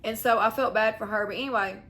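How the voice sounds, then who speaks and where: A woman's voice: mid-range voice, fairly even intonation, fast, a bit bright. A young woman, telling a long story to her viewers in a chatty, rambling way and acting out the voices of the people in it. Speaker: vlogger. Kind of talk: casual storytelling to camera.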